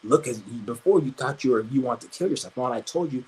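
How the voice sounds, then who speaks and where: Brief: very raspy male streamer, crude combative livestream rant, keeps stammering and restarting. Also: mid-range voice, expressive, fast talker, darkish tone, low-quality recording.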